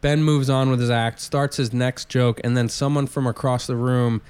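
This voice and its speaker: Guy rambling thru tour stories, smooth voice, dry close mic, keeps restarting. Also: mid-range voice, moderate pace, dry recording. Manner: rambling, self-interrupting, animated anecdotes. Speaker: touring stand-up comedian, podcast guest. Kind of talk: casual storytelling chat.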